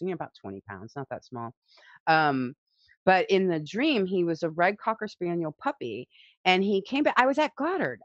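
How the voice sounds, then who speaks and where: A woman's voice: fairly low pitch, no echo, highs cut off. A woman in casual conversation, telling personal stories with feeling and frequent laughter. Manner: emotional, laughs often, tells stories.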